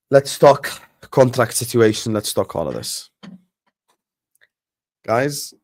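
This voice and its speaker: A man's voice: fairly low pitch, darkish tone, no room sound, clean studio sound. Emphatic slangy man streaming. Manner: emphatic and repetitive, slangy, addresses viewers directly. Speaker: football channel host. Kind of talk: live-stream commentary and chat.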